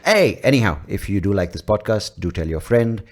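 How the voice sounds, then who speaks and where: On a studio microphone fitted with a pop filter, a man with an Indian accent runs his own comedy podcast at a normal speed. His voice is on the low side and expressive, and he rambles, gets crude, and pokes fun at himself.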